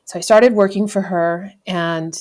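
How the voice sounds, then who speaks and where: A woman's voice: fairly low pitch, fairly even intonation, measured pace, darkish tone. A woman in her thirties from the United States, a podcast guest telling a personal story in a candid, reflective way, often correcting herself and laughing. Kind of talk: conversational storytelling.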